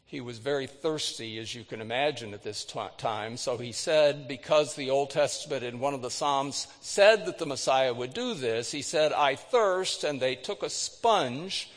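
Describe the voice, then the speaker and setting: A man preaching a sermon, retelling scripture with dramatic readings, lifting his voice for quoted words and dropping it low for solemn moments. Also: normal speed, few pauses, big-room sound. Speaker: pastor.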